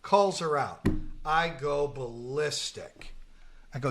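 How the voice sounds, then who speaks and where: A middle-aged man hosting a podcast, telling a story in a casual, animated way, swearing and acting out the lines he quotes. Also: fairly high pitch, measured pace. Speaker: podcast host.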